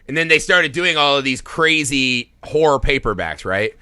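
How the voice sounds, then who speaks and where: Bright-voiced man chatting about films. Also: mid-range voice, normal speed, smooth, no echo, clean studio sound. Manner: animated, profane, laughs often. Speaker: podcast co-host. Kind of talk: casual film chat.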